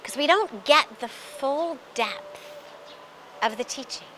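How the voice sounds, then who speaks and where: A woman spiritual teacher who tells a teaching story in a slow, deliberate, emphatic way. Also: high voice, animated, bright, forceful tone, a little hiss or hum.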